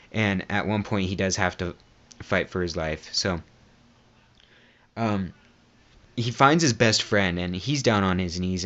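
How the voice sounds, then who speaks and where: Guy with a lowish voice rambling thru a movie recap, swears a lot, muffled lo-fi mic. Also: fairly bright tone. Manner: rambling, lots of fillers and restarts, swears freely. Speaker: movie reviewer. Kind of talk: casual spoken movie recap.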